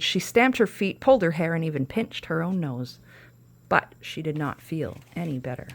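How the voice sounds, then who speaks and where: Brief: woman host narrating a kids' story, low voice with a gravelly edge, casual asides. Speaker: podcast host. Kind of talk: reading a children's storybook aloud.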